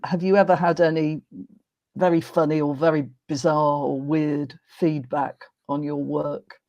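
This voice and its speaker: A woman hosting a casual interview, speaking in a polite, measured and gently wry way. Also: sits low, little pitch movement, no echo, highs cut off. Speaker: host.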